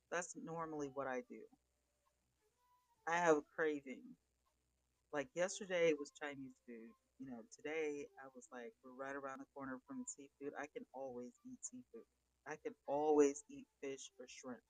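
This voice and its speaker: A woman's voice: deep voice, animated, normal speed, fairly bright tone, no echo, low-quality recording. A middle-aged woman hosting a casual livestream, chatting and greeting viewers by name. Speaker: livestream host.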